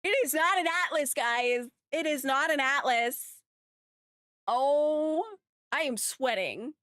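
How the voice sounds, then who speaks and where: Excitable high-voiced woman streamer. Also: slow pace, dry recording, studio quality. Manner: excitable and gushing, thanking chat. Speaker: game streamer. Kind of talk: casual live-stream chat.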